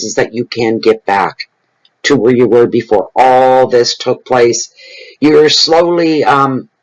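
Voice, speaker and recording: A man's voice: medium pitch, low-quality recording. A middle-aged man giving a general tarot reading to camera, talking frankly and bluntly in a loose, conversational way. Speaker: tarot reader.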